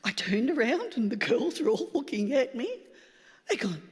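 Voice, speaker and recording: A woman, a pastor telling a lively personal story in a sermon, acting out the dialogue. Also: fairly high pitch, brisk, long reverb tail. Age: 60s.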